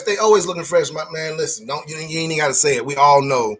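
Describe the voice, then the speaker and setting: A man's voice: on the high side, fast, a bit bright. A man hosting a casual live stream, reading chat comments aloud and joking with a laugh.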